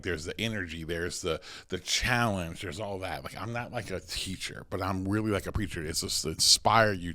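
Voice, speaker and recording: American guy, pastor, really low voice, energetic rambling stories on a podcast. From United States. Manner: energetic storytelling, many fillers and restarts. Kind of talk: casual podcast conversation.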